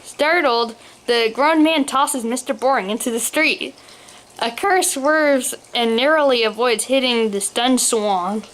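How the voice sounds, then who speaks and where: A woman's voice: fairly high pitch, a little slow, fairly bright tone. Woman reading a humorous story aloud. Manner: reads aloud, occasional slips. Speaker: story reader. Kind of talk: storybook narration.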